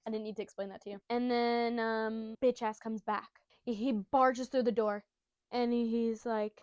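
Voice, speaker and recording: A woman's voice: on the high side, flat delivery, a little fast, noisy background. A woman giving a casual, giggly and profane retelling of a comic chapter. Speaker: storyteller.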